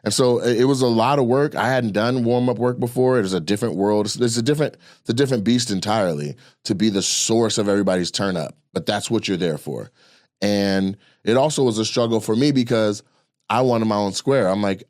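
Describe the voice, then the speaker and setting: A man talking in a casual podcast chat, animated and loose, swearing freely. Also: fairly low pitch, brisk, no room sound, studio quality. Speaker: comedian and podcast guest.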